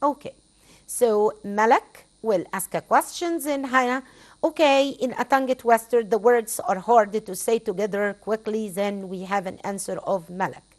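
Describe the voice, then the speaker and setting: A woman's voice: mid-range voice, normal speed, darkish tone. An Egyptian woman teaching an English lesson, a native Arabic speaker who repeats phrases for her students and slips into Arabic to explain.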